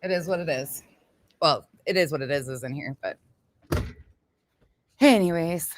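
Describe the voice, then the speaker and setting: A woman's voice: on the low side, unhurried, long pauses, fairly bright tone, no echo, clean studio sound. A woman hosting a casual cooking livestream, chatting with viewers in a blunt, chatty way, swearing freely and laughing often. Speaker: livestream host.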